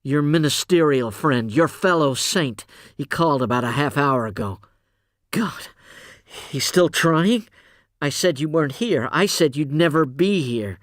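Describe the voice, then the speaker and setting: Bitter shrill young woman in an audiobook, guy reading her way up high, close dry sound. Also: lively intonation, unhurried, no room sound. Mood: scornful. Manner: shrill, near hysterical. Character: bitter pregnant young woman, hurt and contemptuous.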